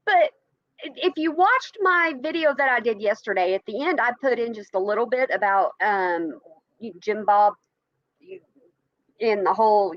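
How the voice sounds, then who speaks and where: A woman's voice: fairly high pitch, dry recording, dull audio. A woman hosting a reaction channel, chatting casually to viewers, repeating herself and laughing often.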